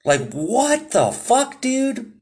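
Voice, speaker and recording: A man's voice: extremely high pitch, wildly swooping pitch, drawn-out words, a little mellow. A young man hosting his own podcast, telling a rambling, profane story in casual chat and laughing often. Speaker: podcast host.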